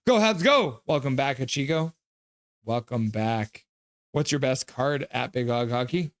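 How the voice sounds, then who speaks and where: A man's voice: mid-range voice, fairly even intonation, unhurried, no room sound. Chatty man calling hockey live. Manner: jokey, chatty, reads viewer comments aloud. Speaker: live stream host. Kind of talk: live play-by-play and chat reaction.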